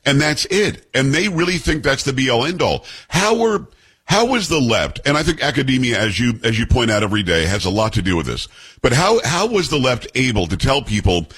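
A middle-aged male radio host asks emphatic questions. His pitch moves around a lot. His voice has a husky edge, and it comes through as a radio broadcast. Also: big pitch swings, fairly quick, a bit bright. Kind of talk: radio talk show interview.

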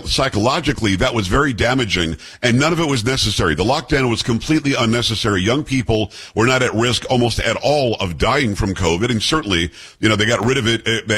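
A man's voice: medium pitch, animated, quick pace, few pauses, fairly bright tone, husky. A middle-aged man hosting a radio talk show, questioning his guest in an emphatic way. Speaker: host.

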